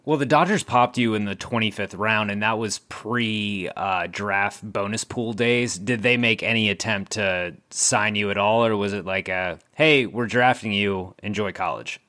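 A man's voice: fairly low pitch, normal speed, few pauses, sharp tone. A man hosting an interview, asking long, layered questions. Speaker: interviewer host.

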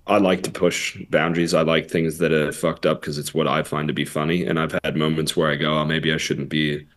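A man's voice: very deep voice, flat delivery, brisk. A man with an English accent, a comedian guest chatting casually and telling jokes with plenty of swearing. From England. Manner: profane, joking storyteller. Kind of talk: casual podcast chat.

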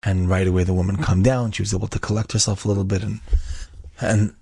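Gravelly low-voiced man telling a story. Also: level tone, fast, mellow. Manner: emphatic, repeats key phrases. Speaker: inspirational speaker. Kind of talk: inspirational storytelling talk.

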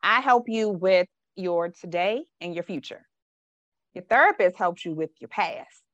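A woman's voice: on the low side, expressive, measured pace, no echo, lo-fi sound. A woman life coach, talking frankly and emphatically in a casual podcast chat. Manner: frank, emphatic, slips into dialect and quoted voices.

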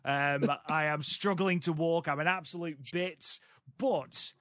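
A man co-hosting a casual podcast, telling stories in a chatty, animated way with self-deprecating humor. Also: a little high, measured pace. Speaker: podcast co-host.

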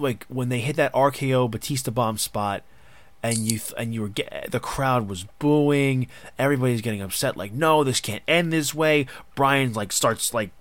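A man hosting a casual podcast chat, excitable and rambling in long run-on bursts. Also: mid-range voice, dry recording. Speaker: podcast host.

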